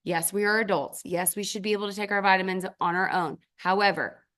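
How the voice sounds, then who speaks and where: A woman and mother speaking as a guest trainer, giving a motivational sales talk in short, emphatic commands with sudden jumps in pitch for stress. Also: steady tone, fairly quick, fairly bright tone. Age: adult with children. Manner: addresses the audience directly in short commands.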